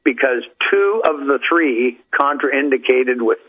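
A man's voice: mid-range voice, animated, a little slow, slightly rough. Older man spinning folksy yarns by phone. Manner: folksy, rambling, with frequent fillers and restarts. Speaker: interview guest. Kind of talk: storytelling over the phone. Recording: tinny phone-line audio.

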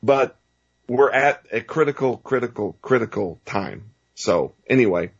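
A man's voice: mid-range voice, lively intonation, measured pace, vocal fry, breathy edge, highs cut off. A man hosting a talk show, ranting heatedly about politics with stammering restarts. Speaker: host.

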